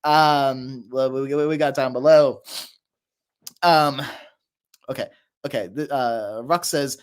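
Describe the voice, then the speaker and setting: A man's voice: medium pitch, takes it slowly, long pauses, smooth. A man, a voice actor, chatting casually on a livestream and answering chat questions, rambling with frequent laughs and fillers.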